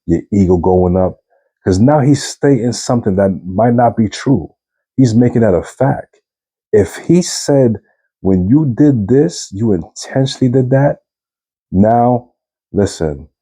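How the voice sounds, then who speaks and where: A man's voice: low voice, dark tone, slightly rough, no room sound, poor audio. A man giving relationship advice in an earnest, conversational monologue, often checking in with "you know what I'm saying," and briefly acting out what partners say. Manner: acts out quoted partners in short bursts.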